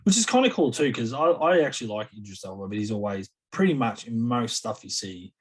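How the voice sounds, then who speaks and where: A man's voice: medium pitch, animated, fairly quick, breathy edge. A man co-hosting a podcast in easygoing casual chat, with self-deprecating asides. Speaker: podcast co-host.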